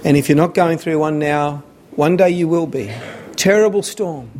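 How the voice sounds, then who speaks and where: A man's voice: fairly high pitch, moderate pace, a little mellow, slight background noise. A man preaching a sermon, earnest and repeating phrases for emphasis.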